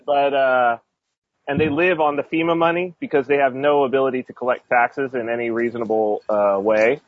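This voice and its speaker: A man's voice: mid-range voice, steady tone, normal speed, dry recording, phone-quality sound. A man chatting casually on a podcast, rambling with many restarts and fillers. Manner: rambling, many restarts and fillers, laughs while telling stories. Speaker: expat guest telling stories.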